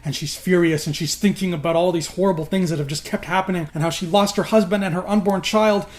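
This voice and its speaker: A man with a slightly high voice tells a fantasy show's plot his own way, animated and loose. He drops casual swearing into his storytelling and keeps the retelling moving, like a host talking straight to his viewers. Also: fast talker. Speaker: YouTube host.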